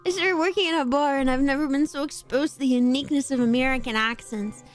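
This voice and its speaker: A woman's voice: high-pitched, fast, faint music behind. A young British woman streaming and chatting casually, rambling and laughing often. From United Kingdom. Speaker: VTuber streamer. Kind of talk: casual livestream chat.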